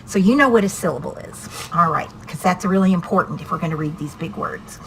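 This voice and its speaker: A woman's voice: on the low side, a little fast, a bit bright, a little hiss or hum, rough recording. A woman teaching reading one-on-one to a student, patient and encouraging, asking many questions.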